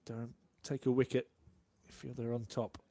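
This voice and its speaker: A man giving live cricket commentary and analysis in a relaxed way, warm in praise of good shots. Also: medium pitch, normal speed, no echo.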